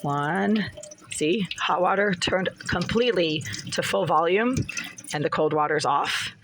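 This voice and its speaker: A woman with a husky, smoker-like voice filming herself in her apartment kitchen, delivering an agitated, accusatory rant. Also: fairly low pitch, a little slow, a bit bright, slight background noise, poor audio. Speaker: vlogger. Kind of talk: angry complaint vlog.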